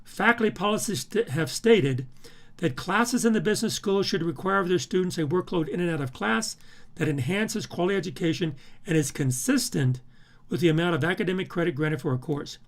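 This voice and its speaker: Emphatic, slightly high-voiced male professor. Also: fairly quick. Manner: emphatic, repeats words and restarts phrases. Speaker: university professor. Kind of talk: recorded syllabus walkthrough.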